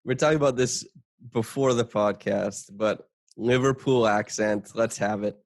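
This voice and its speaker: A man's voice: lowish voice, measured pace, dry recording. A man hosting a podcast in an easygoing, teasing way, tossing out questions to his guest. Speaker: podcast host. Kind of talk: casual chat.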